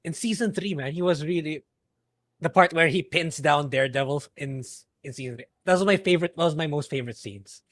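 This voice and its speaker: A man's voice: fairly high pitch, brisk, no echo. A man co-hosting a podcast in casual chat who laughs easily and searches for words. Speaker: podcast co-host.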